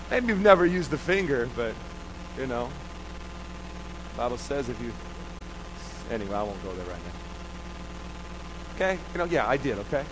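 A man's voice: fairly high pitch, noisy background. A man in his thirties preaching a sermon, telling a childhood story and acting out the voices in it, then urging his listeners to answer back. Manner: animated, acts out quoted voices, urges the crowd to respond. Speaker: pastor.

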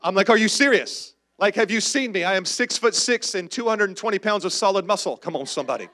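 High-voiced man preaching with humor. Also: quick pace, sharp tone. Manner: humorous storytelling with call-and-response to the congregation. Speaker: pastor. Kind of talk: sermon.

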